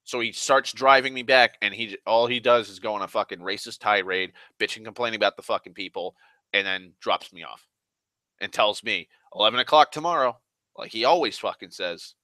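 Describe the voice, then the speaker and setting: A man's voice: lowish voice, a little fast, sharp tone, dry recording. A young man telling a long profane story in an exasperated rant, often slipping into other people's voices.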